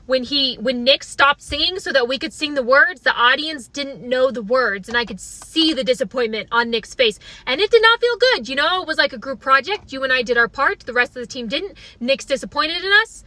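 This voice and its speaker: A woman's voice: sits high, expressive, a little fast, few pauses, pushed and bright. A young adult woman telling a comedic story in a wry, self-deprecating way. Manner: wry, self-deprecating, slips into mocking voices.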